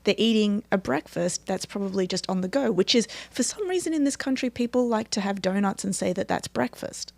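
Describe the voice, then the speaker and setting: A woman's voice: medium pitch, animated, fairly quick, vocal fry, hardly any pauses, no echo. A woman, a guest talking emphatically and animatedly in a casual podcast conversation. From Australia.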